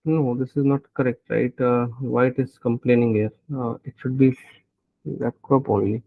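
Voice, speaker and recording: A man's voice: mid-range voice, little pitch movement, moderate pace, vocal fry, no room sound, phone-quality sound. A man teaching programming as he codes live, thinking aloud and often checking in with "right?". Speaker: programming instructor. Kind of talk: live coding tutorial.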